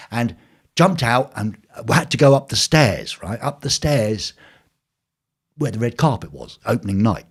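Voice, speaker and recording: An older man tells a story from his home, hosting his own live stream. His pitch moves widely as he acts out the voices of the people in it. He sits at a middle pitch and talks in a lively, animated way. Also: slightly rough. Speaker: host.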